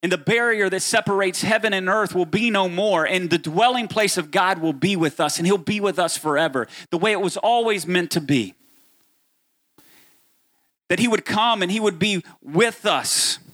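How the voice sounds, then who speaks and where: A man's voice: high voice, moderate pace. A middle-aged male pastor, preaching a sermon and speaking straight to his congregation. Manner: animated preaching, addresses congregation directly.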